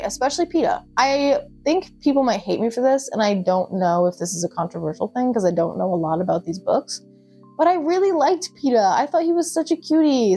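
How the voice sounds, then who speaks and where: A young woman talking casually as a book vlogger, chatty and gushing, with quick asides. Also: fairly high pitch, a little mellow. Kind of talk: casual chat.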